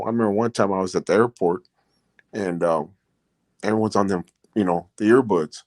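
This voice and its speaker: A middle-aged podcast host who was once in prison tells his own stories in casual, rambling fashion, leaning heavily on "you know" and growing earnest and emotional as he recounts his experiences. His voice is lowish and darkish, with no room sound.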